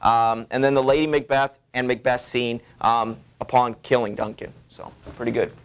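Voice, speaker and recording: A man's voice: medium pitch, level tone, normal speed, heavy background noise. A man teaching a classroom literature lecture, explaining casually with lots of ums and you knows. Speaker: high school literature teacher.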